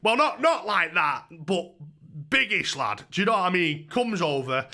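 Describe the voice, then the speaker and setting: A young man tells a story on his livestream, swearing freely and tripping over restarts. His voice sits a little high, bright and forceful. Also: moderate pace. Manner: profane, excitable, rambling with many restarts. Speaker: YouTuber streamer.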